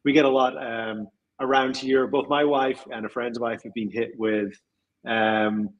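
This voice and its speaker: A man with a husky voice, a podcast guest in casual chat, speaking reflectively and trailing off with small chuckles. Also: mid-range voice, flat delivery, measured pace, poor audio.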